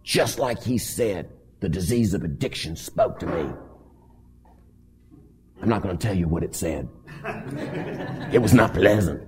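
A man telling his recovery story to a live audience in a folksy, animated way. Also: lowish voice. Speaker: speaker at a recovery meeting. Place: meeting hall with audience. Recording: long hall reverb.

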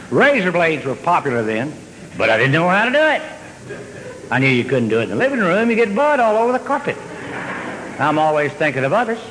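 Drawling man spinning a deadpan yarn. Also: fairly high pitch, a little hiss or hum. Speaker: comedian. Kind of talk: stand-up storytelling. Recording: hall reverb with faint ambience.

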